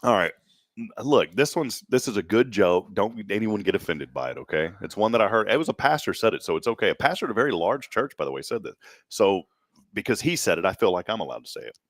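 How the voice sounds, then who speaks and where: A morning talk show host chats casually in a Texan accent, telling rambling, joking stories as an animated storyteller. His voice runs on the low side at a quick pace, with studio-quality sound and no echo.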